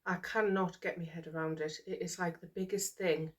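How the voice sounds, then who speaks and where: A woman's voice: fairly low pitch, fairly even intonation, normal speed. Overwhelmed British woman vlogging. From United Kingdom. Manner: emotional, breathless, sighing and repeating herself. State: overwhelmed after crying. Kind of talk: casual chat to camera.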